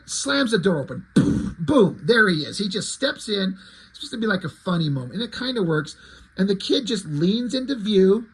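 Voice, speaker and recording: A man with a fairly high voice and a husky, slightly breathy tone talks about an old comic. His commentary is chatty and rambling, with casual swearing. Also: low-quality recording. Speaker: comic book reviewer.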